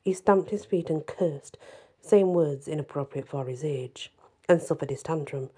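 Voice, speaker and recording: A woman narrating a dark fairy tale in a measured, somber reading. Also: lowish voice, slightly rough. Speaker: storyteller.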